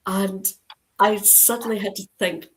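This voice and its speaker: On a rough recording with a little hiss or hum, a middle-aged Dundee woman, a crime author, talks as a guest on a casual video call. Her mid-range voice is steady and unhurried, though she rambles, says um a lot and keeps restarting.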